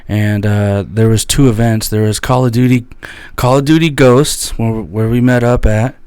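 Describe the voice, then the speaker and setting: Clear-voiced young man telling stories loosely. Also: steady tone, normal speed, a little mellow, dry recording. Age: young adult. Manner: loose, swearing storyteller who acts out quoted friends in a higher voice. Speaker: podcast co-host. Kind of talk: casual chat.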